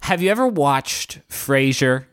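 A man's voice: mid-range voice, lively intonation, unhurried, a bit bright, clear, resonant tone, no echo, studio quality. Casual male game master. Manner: casual, filler-heavy narration. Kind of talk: narrating a tabletop game.

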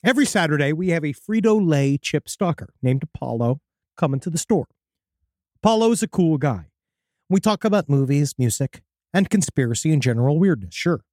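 A man's voice: a little high, expressive, a little fast, darkish tone, dry recording. A man co-hosting a podcast, casually reading out a listener's creepy story and swearing now and then. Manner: casual, profane, dips into voices for quoted people.

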